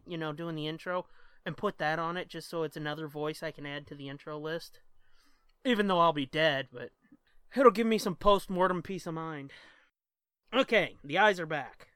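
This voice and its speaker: A man's voice: fairly high pitch, a bit bright, smooth, dry recording. A man co-hosting a podcast in casual chat, joking and swearing freely, easily sidetracked. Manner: profane, joking, easily distracted. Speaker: podcast co-host.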